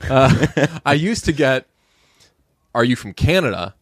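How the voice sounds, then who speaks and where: A man's voice: medium pitch, big pitch swings, a little slow, no echo, clean studio sound. A young man from the Boston area, co-hosting a podcast in casual, rambling chat, peppered with swearing. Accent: faint Boston. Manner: rambling, swears, quotes people in voices. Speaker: podcast co-host.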